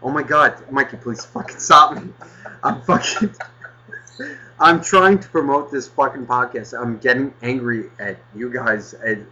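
A man's voice: medium pitch, normal speed, sharp tone, highs cut off. A man hosting a casual podcast, rambling and swearing, flaring into mock anger. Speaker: podcast host.

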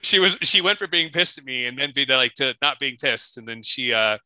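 A man co-hosting a casual podcast chat, rambling through stories with many restarts and animated quotes. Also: mid-range voice, dry recording, poor audio. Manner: rambling storyteller, restarts, quick animated quoting. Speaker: podcast co-host.

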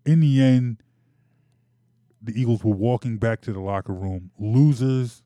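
A man hosting a sports talk show, exasperated and animated, often repeating himself. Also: medium pitch, unhurried, dry recording.

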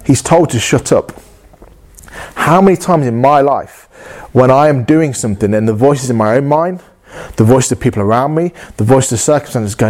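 Male preacher, mid pitch, earnest and passionate, restarts phrases as he builds his point. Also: normal speed, a little mellow. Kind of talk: sermon.

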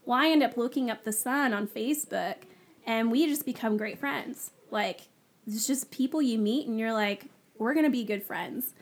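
Lively, higher-voiced woman telling her story. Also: normal speed. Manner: animated, acts out quoted dialogue, frequent "like". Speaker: guest sharing her testimony. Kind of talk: casual spoken storytelling.

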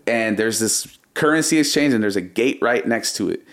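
A man in his thirties, a music producer as interview guest, telling a story in a slangy, animated way and acting out what he said back then. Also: on the low side, normal speed.

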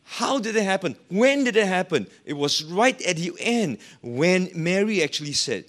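A man's voice: high voice, very animated, normal speed, hardly any pauses, a bit bright. A man preaching a sermon as a pastor, with an emphatic, rising and falling delivery.

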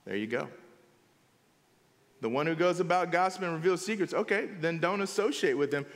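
A pastor preaches in a high, very animated voice that climbs and drops across the phrases. He talks to the congregation in a casual, emphatic way. The sound rings with the long reverb of a church hall. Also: a little fast. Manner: conversational, emphatic preaching with frequent "here's the deal". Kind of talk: sermon. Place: church sanctuary.

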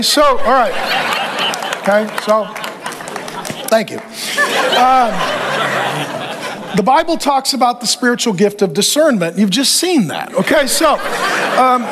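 A man's voice: extremely high pitch, fairly bright tone, a little hiss or hum. A middle-aged man preaching a sermon as pastor, emphatic, with punchy repetition and touches of humor.

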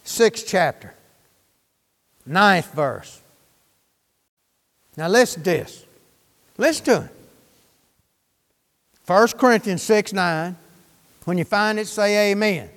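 A preacher, a man with a high voice, delivers a fervent, folksy sermon. He peppers the congregation with quick questions. His voice rings out with a long reverb in a church hall. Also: lively intonation, gravelly, a bit bright.

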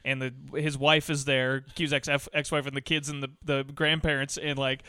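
A man's voice: medium pitch, little pitch movement, moderate pace, sharp tone, clean tone, no echo, clean studio sound. A man co-hosting a podcast, chatting casually and enthusiastically about films and swearing freely. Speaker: podcast co-host. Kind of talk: casual film discussion.

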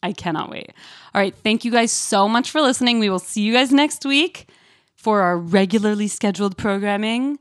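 A woman co-hosting a podcast in casual chat, animated and acting out quotes in a high voice. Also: normal speed, no room sound, studio quality. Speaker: podcast co-host.

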